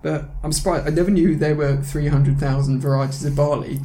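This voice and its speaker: Man, podcast host, casual chat, teasing, slightly high voice. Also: fairly even intonation, brisk, mellow. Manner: chatty, teasing, correcting his co-host.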